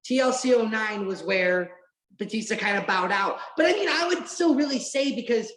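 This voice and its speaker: A woman guest on a podcast, telling wrestling memories in an excited, rambling way and swearing now and then. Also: on the high side, normal speed. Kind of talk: casual podcast chat. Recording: roomy echo.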